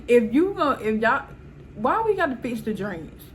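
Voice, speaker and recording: A young woman, telling a storytime in a casual, animated way, swearing and often quoting people. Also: a little high, slight background noise. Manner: animated, swearing, laughs often, quotes people in quick bursts. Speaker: storyteller vlogger.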